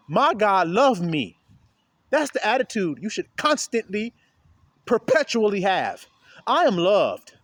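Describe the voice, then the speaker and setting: A man with a high, lively voice preaches to his viewers from outdoors among the trees. He talks straight at them, his voice swinging up and down, and climbs to a loud preaching pitch. It sounds like a phone held as he walks. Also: no room sound. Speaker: street preacher. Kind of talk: informal outdoor video sermon.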